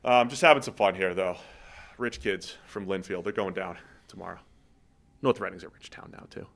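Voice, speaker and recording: A man's voice: low voice, normal speed, vocal fry, a bit bright. A man co-hosting a sports podcast in casual, joking chat, rambling with restarts. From Massachusetts. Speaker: podcast co-host. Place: podcast studio.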